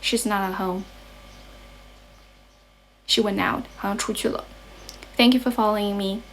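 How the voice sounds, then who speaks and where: Young woman with a Chinese accent hosting a casual phone livestream from home, mid pitch, faint background noise. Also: steady tone, unhurried, a bit bright. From China. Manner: chatty, switches between English and Chinese. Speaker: livestream host and English teacher. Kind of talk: casual bilingual livestream chat. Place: grandmother's home, indoors.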